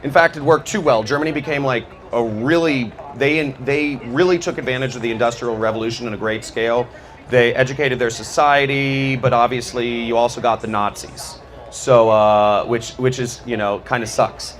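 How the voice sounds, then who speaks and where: A man's voice: mid-range voice, fairly even intonation, moderate pace, fairly bright tone. A man giving a loose, rambling talk, full of fillers and restarts. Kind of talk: casual spoken talk on history.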